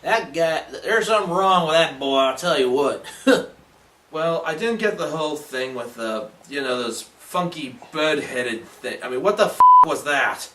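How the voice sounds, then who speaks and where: A rowdy, folksy country redneck, as a man puts him on, lively and full of laughs. His voice is pitched a little high and bright. It is recorded from across an echoey room. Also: unhurried, background noise. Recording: roomy, distant home-video recording.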